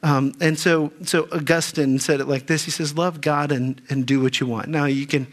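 Earnest pastor preaching, many questions to listeners. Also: male voice, on the high side, steady tone, normal speed. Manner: earnest, repeats words when fired up, asks the crowd questions. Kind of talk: sermon.

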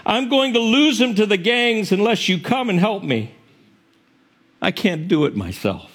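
A woman's voice: mid-range voice, big pitch swings, unhurried, slightly rough, pitched above the performer's own voice. A man voicing a desperate mother praying through tears for her son, pleading and urgent. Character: tearful mother begging God for her son.

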